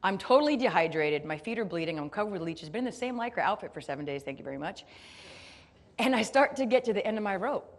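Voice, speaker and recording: An American woman delivers a motivational keynote, spinning a story with animated, playful self-deprecation and addressing the audience directly. Her voice sits in the mid range, and she talks fast.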